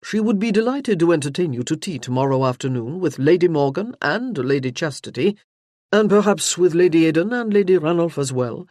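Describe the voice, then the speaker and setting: A woman's voice: deep voice, animated, fairly quick, a little mellow, no echo, studio quality. A woman voicing a genial, courteous male earl in an audiobook. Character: Lord Rosthorn, genial French-accented male earl.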